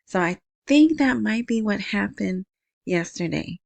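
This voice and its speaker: A woman with a soft, small voice hosting a casual solo podcast, chatting in a rambling way into a wired earbud mic. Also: medium pitch, expressive, unhurried, gravelly, no echo. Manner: rambling, chatty, self-interrupting. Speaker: podcast host.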